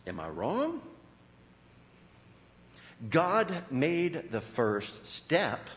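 A man preaches from the pulpit, his voice swinging widely from quiet, low asides to raised, emphatic peaks. His tone sits a little high for a man. A long reverb from the church sanctuary trails each phrase. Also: very slow. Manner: animated preaching with sudden rises and drops. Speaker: pastor. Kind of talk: sermon.

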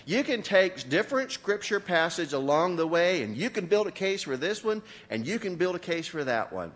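Male pastor, lively pitch, somewhat high, chatty sermon delivery with jokes. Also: normal speed, big-room sound. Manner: animated, joking, talks to the congregation. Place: church.

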